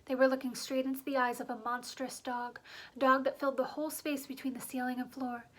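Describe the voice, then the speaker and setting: Brief: woman with a high voice, reading a story aloud briskly. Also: flat delivery, a bit bright, poor audio. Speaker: reader. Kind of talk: audiobook narration.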